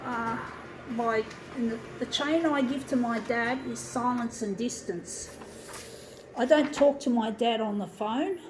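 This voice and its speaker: A woman's voice: fairly high pitch, unhurried, background noise. A woman ranting angrily to her viewers as a vlogger, swearing heavily and calling them folks. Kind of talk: angry personal rant to viewers.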